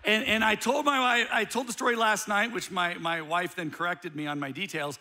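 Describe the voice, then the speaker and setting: A middle-aged man preaching a sermon as a pastor, telling a story with animated humor. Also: sits high, moderate pace.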